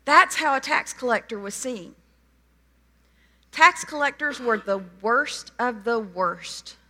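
Bright-voiced woman preaching in a reverberant hall. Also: fairly high pitch. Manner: animated storytelling, retelling a parable in lively quoted voices. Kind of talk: sermon.

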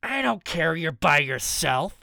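A man's voice: on the high side, very animated, unhurried, gravelly, sharp tone, dry recording, studio quality, exaggerated voice. A man voicing a harsh, bossy gang boss. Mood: menacing. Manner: harsh, bossy, barking orders. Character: ruthless male gang leader hunting kids.

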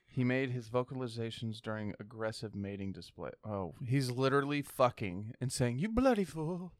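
A casual podcast co-host, a man who talks in an excitable, rambling way and swears often. His voice is smooth and clear, recorded dry and close with no room sound. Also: medium pitch, no room sound. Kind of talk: casual chat. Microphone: headphones with mic.

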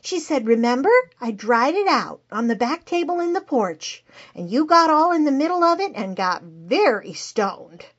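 Woman voicing a rambling black cat caller, high and lively. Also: moderate pace, dull audio. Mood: fretful. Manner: rambling, worried, wanders off topic. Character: fretful black house cat caller, dramatic, easily distracted. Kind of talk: comedic call-in monologue.

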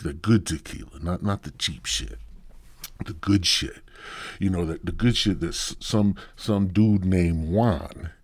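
Low, husky man rambling profanely. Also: dry recording. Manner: profane, meandering, halting restarts. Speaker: podcast host. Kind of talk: rambling comedic monologue. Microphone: close microphone.

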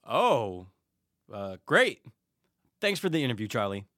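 A man's voice: medium pitch, sing-song, a little slow, background noise. A man playing a pushy, mock-serious TV news reporter in a comedy sketch. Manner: mock-serious interviewer delivery.

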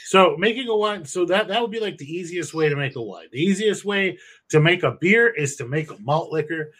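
A man's voice: a little high, expressive, brisk, fairly bright tone. A man co-hosting a casual podcast, talking crudely and jokingly while he explains how to make wine and beer at home. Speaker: podcast co-host.

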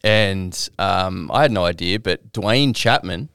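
Gravelly low-voiced man hosting a podcast. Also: slow, fairly bright tone, dry recording, studio quality. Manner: loose and sweary, with lots of fillers. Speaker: podcast host. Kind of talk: casual podcast chat.

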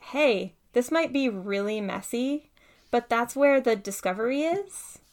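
This guest speaker, a thoughtful woman poet, has a warm, clear, resonant voice that sits a little high. Her casual talk mixes conversation with poetry reading, and she leans heavily on fillers such as "like" and "right."

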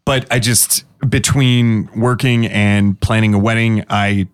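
A man in casual chat as podcast co-host, animated, swearing freely and laughing often. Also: lowish voice, slow pace, clean tone, dry recording, studio quality.

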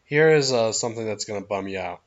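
A man's voice: lowish voice, quick pace. Casual rambling podcast guy, muffled. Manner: relaxed, rambling storytelling with many restarts. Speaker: podcast co-host. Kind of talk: casual chat.

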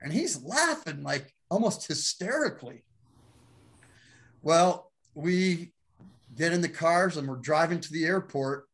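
A man, a pastor, telling his faith story as a guest, animated and laughing often as he acts out the voices in it. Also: fairly high pitch, unhurried. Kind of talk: storytelling testimony.

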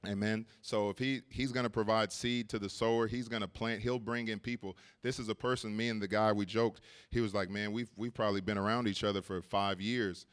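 A man's voice: fairly low pitch, fairly even intonation, a little fast, few pauses, smooth. A man preaching at a church service, telling a personal story in a casual way, laughing often and repeating words as he goes.

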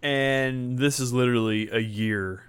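A man's voice: mid-range voice, steady tone, a bit bright, clear, resonant tone. A man co-hosting a casual wrestling podcast, recapping matches with swearing and laughter. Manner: profane, laughing, recaps matches in quick play-by-play. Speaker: podcast co-host.

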